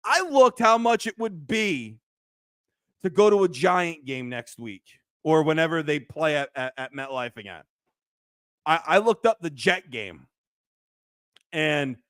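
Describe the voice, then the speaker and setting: A man hosting a sports fan show, ranting and shouting in heated commentary, then dropping into low grumbles. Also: no room sound, clean studio sound.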